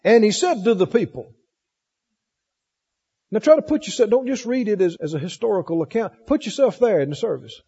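A man preaches in a high, lively voice, its tone mellow and slightly husky, reading scripture and asking his congregation questions. He sounds like an old, dull sermon tape recorded in a church with a long reverb. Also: fairly quick, long pauses. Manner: animated preaching, reads scripture aloud, asks the congregation questions. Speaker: pastor.

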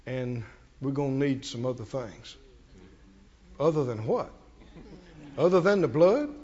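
A man preaching a sermon, telling a story dramatically, acting out the characters and swinging from shouts to near-murmurs. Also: mid-range voice, expressive, highs cut off. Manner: acts out the characters' lines in quick voices.

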